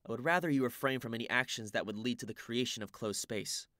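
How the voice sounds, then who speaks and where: A man's voice: medium pitch, quick pace, sharp tone, dry recording, studio quality, natural voice. A man voicing a polite, confident teenage boy in an audiobook reading. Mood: composed.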